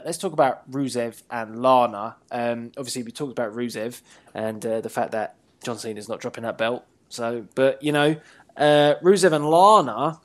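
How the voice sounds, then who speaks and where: A man hosting a wrestling talk show in casual chat, playful and teasing, often laughing and trailing off mid-sentence. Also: medium pitch.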